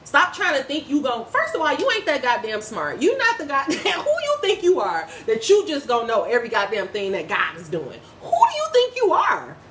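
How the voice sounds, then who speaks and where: A woman's voice: fairly high pitch, sing-song, brisk, hardly any pauses, fairly bright tone, a little hiss or hum. Woman spiritual reader, vlog style, profane and preachy, echoey room with faint ambience behind. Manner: blunt, profane, preachy ranting. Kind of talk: casual spiritual reading vlog.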